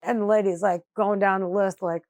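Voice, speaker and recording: A middle-aged woman from New York State tells her family's story on camera for a documentary. She talks candidly, in everyday words, leaning on "like" and "you know". Her voice sits at a medium pitch in a dry, close recording. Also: steady tone, a little fast, a little mellow, no room sound. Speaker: mother of a crash victim. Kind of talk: documentary interview.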